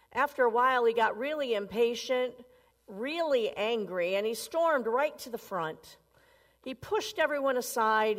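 A woman preaching a sermon in a conversational way, often asking her listeners questions. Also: medium pitch. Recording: long reverb.

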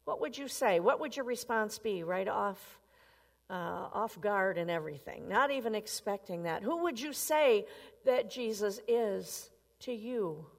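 A woman's voice: mid-range voice, lively intonation, measured pace, creaky. A woman preaching a sermon in a conversational way, often asking her listeners questions. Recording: long reverb.

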